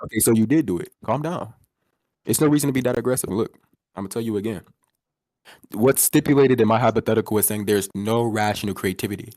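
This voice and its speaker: A man's voice: fairly low pitch, fast talker, darkish tone, dry recording, clean studio sound. A man arguing in a heated online debate, mocking and talking over his opponent. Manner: mocking, talks over the other speaker.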